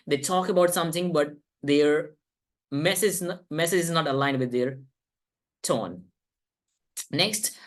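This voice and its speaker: A man coaching English pronunciation in an online masterclass, emphatic and teacherly, stretching key words for effect. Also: a little high.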